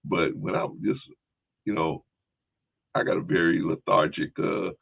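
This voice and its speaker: A man hosts a casual chat in a relaxed, rambling way, often turning to his listeners with "y'all". His voice sits a little low with a gravelly edge. It sounds thin and tinny, like a phone line. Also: measured pace. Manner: laid-back, rambling, often tagging "right?" and "y'all". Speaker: podcast host.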